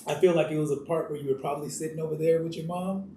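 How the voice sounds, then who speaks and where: A man interviewing an actor in a relaxed, casual way, asking loose, rambling questions and affirming his answers. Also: on the high side, racing. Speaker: interviewer, author. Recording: roomy echo with faint hiss.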